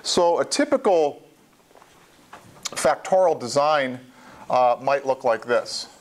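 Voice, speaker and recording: A man's voice: mid-range voice, animated, slow. A man lecturing a college statistics class in a classroom. He explains step by step in a plain voice and repeats the key points, with small asides along the way. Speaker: statistics instructor.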